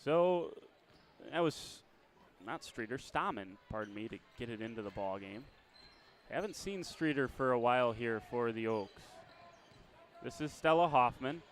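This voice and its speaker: Male play-by-play caller for a school basketball game, mid-pitch, chatty, self-correcting, faint gym noise behind. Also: animated, unhurried. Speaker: play-by-play announcer.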